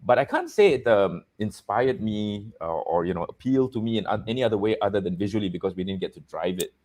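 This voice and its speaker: A man's voice: on the low side, fast talker. Jokey man hosting a chat. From Malaysia. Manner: animated, jokey, laughs often. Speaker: host. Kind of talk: casual chat show.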